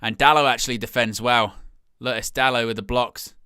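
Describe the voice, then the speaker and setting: A young man hosting a live fan commentary of a match, talking casually and jumping from quiet asides to loud excited shouts. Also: mid-range voice, fairly quick, smooth, no room sound, studio quality. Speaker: fan watch-along host.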